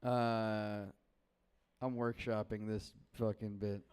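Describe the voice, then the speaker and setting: Halting, self-mocking male stand-up comic. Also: lowish voice, flat delivery, a little mellow, slight background noise. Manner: halting, self-deprecating, laughing at his own jokes. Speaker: stand-up comedian. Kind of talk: stand-up set.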